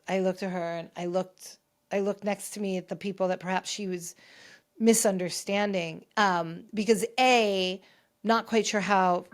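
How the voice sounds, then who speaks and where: A woman hosting a pop culture podcast, telling a personal story in a chatty, animated way with many restarts. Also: medium pitch. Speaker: podcast host. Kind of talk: casual chat.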